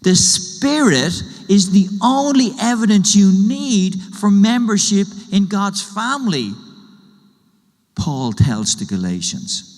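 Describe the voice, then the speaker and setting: A man's voice: sits high, very animated, slow pace, in a large hall. A man preaching a sermon in a conversational way, building his point through everyday illustrations and questions. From Ireland. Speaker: pastor.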